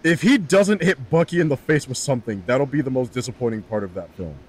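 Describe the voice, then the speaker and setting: A man's voice: mid-range voice, animated, fast talker, darkish tone, husky. Jokey man in casual chat. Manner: jokey, acts out silly quotes. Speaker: podcast co-host.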